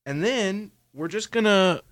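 A man's voice: sits high, lively intonation, unhurried, fairly bright tone, no echo. A man co-hosting a podcast, reading a story aloud with playful asides and quoted voices in casual chat. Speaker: podcast co-host.

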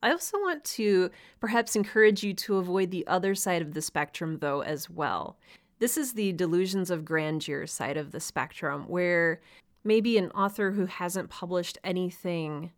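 A woman's voice: on the low side, expressive, normal speed. A woman hosting a solo podcast for writers, talking in an earnest, encouraging way with a light laugh now and then. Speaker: podcast host.

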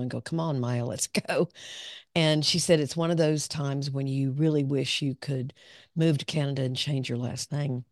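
Her voice is extremely low as this clinical psychologist, a guest on a podcast, reflects openly on her life and laughs a lot. The studio sound is clean, with no room sound.

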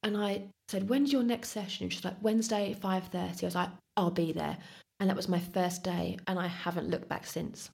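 A woman's voice: lowish voice, normal speed, creaky. Chatty woman guest telling a story. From England. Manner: lively storytelling, acts out her own past words. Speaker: podcast guest. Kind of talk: casual interview chat.

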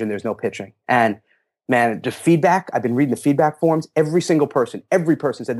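Middle-aged guy chatting in an interview, lively storyteller, does voices for quotes. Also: medium pitch, quick pace. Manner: animated storyteller, acts out quotes in a raised voice. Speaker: interview guest, fitness marketer. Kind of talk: casual interview talk.

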